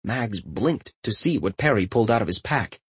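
A man reading a fantasy novel aloud, his pitch rising and falling freely in an animated telling. The recording is dry and close, with no room sound. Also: normal speed, slightly rough, dry recording. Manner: lively, expressive storytelling. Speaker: audiobook narrator. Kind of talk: scripted narration.

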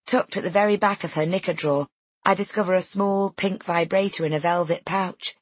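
A woman narrating a first-person novel in a measured, intimate way. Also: fairly low pitch, steady tone, husky, no echo. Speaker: audiobook narrator.

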